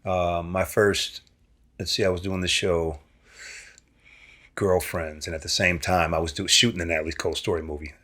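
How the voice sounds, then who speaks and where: A man from Nebraska, a guest actor, telling stories in a casual, animated way and acting out the people he quotes. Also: moderate pace, pauses often. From Nebraska, USA. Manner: animated, acts out quoted voices with big pitch jumps. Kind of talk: casual storytelling.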